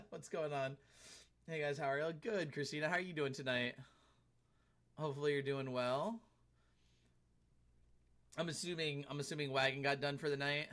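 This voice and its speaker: Chatty male game streamer, slightly high voice. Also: fairly even intonation, normal speed, long pauses, fairly bright tone. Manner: chatty, laughs often, reads and answers chat. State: tired arms after a workout. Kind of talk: casual live-stream chat while gaming.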